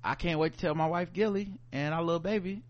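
A man voicing a timid bookish young man who talks in hurried slang. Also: on the high side, lo-fi sound, close to an everyday voice. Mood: defiant.

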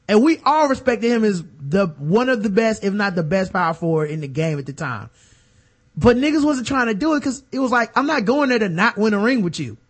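Animated high-voiced man chatting. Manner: animated storytelling, acts out quotes. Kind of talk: casual chat about basketball.

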